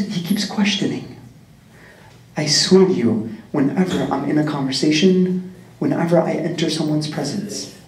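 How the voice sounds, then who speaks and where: A man's voice: fairly high pitch, a little mellow, distant mic. A man tells a religious story to a community, earnestly asking his listeners rhetorical questions. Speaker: community speaker. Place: large prayer hall. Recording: echoey hall, mic set back.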